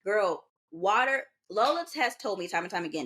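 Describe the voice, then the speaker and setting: Speaking at a moderate pace in a mid-range voice, this twenty-something podcast co-host tells lively stories in casual conversation. She mimics the voices of the people she quotes.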